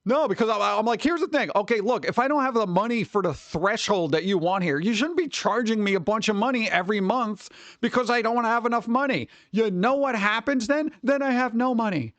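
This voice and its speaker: A man's voice: high-pitched, brisk, a bit bright, no echo. A man in his forties, hosting a stream in casual chat, ranting and swearing lightly about everyday annoyances. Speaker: streamer host.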